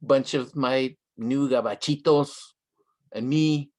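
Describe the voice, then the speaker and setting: An older Southern California man, the guest author in a live online interview, tells a story slowly at an easy conversational pace. His middle-pitched voice has a darkish tone, and he drops Spanish phrases into his English. Short laughs come between his lines.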